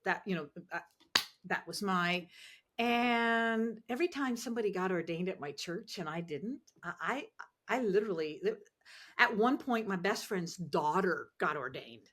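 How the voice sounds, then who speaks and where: A woman telling animated, emotional stories as a podcast guest, acting out the voices she quotes. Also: mid-range voice, unhurried. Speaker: podcast guest, ministry founder. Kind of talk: conversational storytelling interview.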